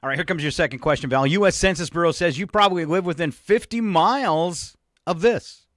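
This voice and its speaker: A man's voice: on the high side, fairly bright tone, no echo. A man co-hosting a morning radio show, bantering and teasing through a trivia game from a studio microphone. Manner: joking, teasing, quick to laugh.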